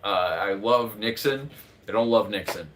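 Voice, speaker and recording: A man's voice: lowish voice, normal speed, slight background noise. A man from the United States who runs the chat on a live cooking stream, rambling and joking and laughing often. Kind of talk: casual livestream chat.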